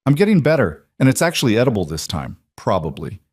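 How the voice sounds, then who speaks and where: A man's voice: mid-range voice, big pitch swings, fast talker, darkish tone, breathy edge, dry recording, studio quality. A man voicing an awkward, self-deprecating young businesswoman in a spoken story, his voice a little raised. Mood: wry. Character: awkward young woman executive, trying hard. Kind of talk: storybook dialogue.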